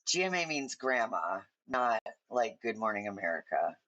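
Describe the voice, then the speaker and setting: A woman's voice: a bass voice, big pitch swings, normal speed, a bit bright, dull audio. A woman hosting a casual livestream from home, chatting in a rambling, friendly way to viewers while she colors. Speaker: livestream host.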